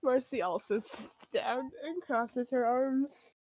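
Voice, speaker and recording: Slow-spoken woman player, dry sound. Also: high-pitched, darkish tone, no room sound. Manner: casual, laughing easily. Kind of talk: playing a tabletop game.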